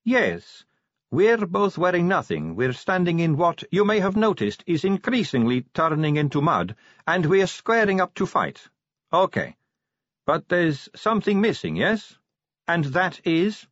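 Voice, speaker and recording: A man's voice: high voice, very animated, measured pace, a bit bright, dry recording, voice pushed up, heavily acted. A man voicing a cheeky, teasing young female vampire constable in a chatty, breezy manner. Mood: sly. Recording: dull lo-fi recording.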